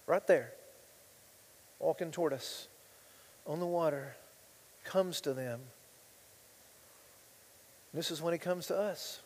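A man with a high voice preaching a sermon in a big hall with a long echo. He drops to quiet asides, then builds to loud, impassioned passages, reading scripture with mounting force. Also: takes it slowly, long pauses. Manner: reads scripture aloud with rising intensity. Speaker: pastor.

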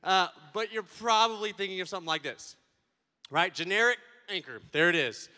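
Guy doing a funny talk for a student crowd, high voice, super bright, bouncy and playful, big echoey hall. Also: fairly quick, clear, resonant tone. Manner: animated, playful, swings loud and soft. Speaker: speaker addressing students. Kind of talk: comedic keynote talk. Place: large event hall. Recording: long hall reverb.

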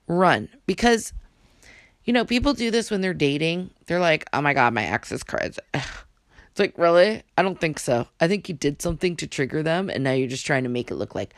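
A woman's voice: deep voice, vocal fry, no room sound. A woman ranting in a casual vlog, blunt and emphatic, who drops into whispered asides. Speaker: vlogger.

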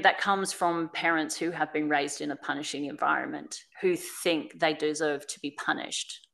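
A woman's voice: sits low, gravelly, fairly bright tone. A woman speaking on a podcast in a candid, earnest, reflective way, repeating phrases for emphasis. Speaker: podcast guest.

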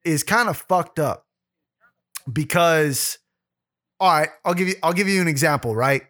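A man's voice: fairly high pitch, normal speed, a bit bright. A man co-hosting a podcast, telling rambling, profane stories in casual chat with lots of restarts. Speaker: podcast co-host.

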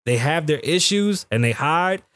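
A man's voice: a little high, animated, unhurried, fairly bright tone, dry recording. A man ranting as a podcast host, telling stories in a heated and profane way. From the Bronx, New York. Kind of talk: casual podcast rant.

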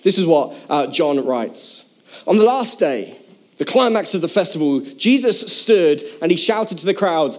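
Guy giving a sermon, fairly high voice, laid-back and chatty, lots of uhs. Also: lively intonation, a little slow, darkish tone. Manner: casual, chatty, many fillers. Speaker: preacher. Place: church hall with congregation.

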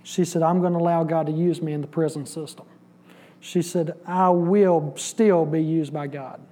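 A man's voice: on the high side, steady tone, moderate pace, dark tone. A man giving a testimony in church, storytelling and acting out the dialogue. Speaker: church bus ministry volunteer giving testimony. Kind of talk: sermon testimony.

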